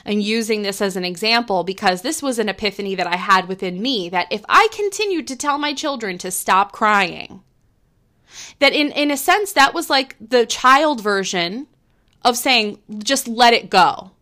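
Bright-voiced woman musing earnestly. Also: mid-range voice, lively intonation, normal speed. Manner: gentle, earnest, thinks aloud with repeated restarts. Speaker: podcast host. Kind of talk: reflective spoken monologue.

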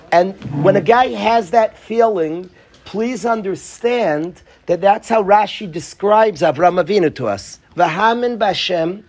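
A man's voice: high-pitched, a little slow, a little mellow. A man teaching a Torah class to students, pleading and passionate, joking with them at times.

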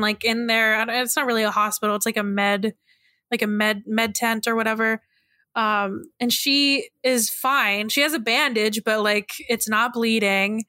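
Bright-voiced woman chatting animatedly. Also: fairly high pitch, no room sound, clean studio sound. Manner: animated, laughs often, swears casually. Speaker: podcast co-host. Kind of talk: casual movie discussion.

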